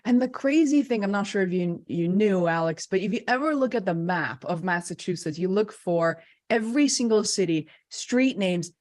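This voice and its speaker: A woman hosting a casual interview chat, animated and laughing, acting out quotes with a sudden higher voice. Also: moderate pace, few pauses. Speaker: host.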